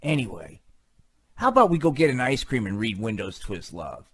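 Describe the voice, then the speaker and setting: A performer voicing a tough-guy Jesus puppet who trash-talks and fights Satan in a comedy puppet show, gruff and macho. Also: mid-range voice, sing-song, a little fast. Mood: gruff menace. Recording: submitted home video.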